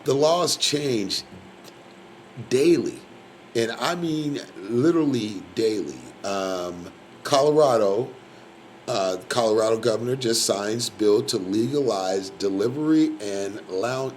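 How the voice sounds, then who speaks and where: A man's voice: mid-range voice, animated, slow, a little hiss or hum, poor audio. A man hosting a live community radio show in a loose, casual way, rambling with lots of fillers. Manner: rambling, filler-heavy, shout-outs.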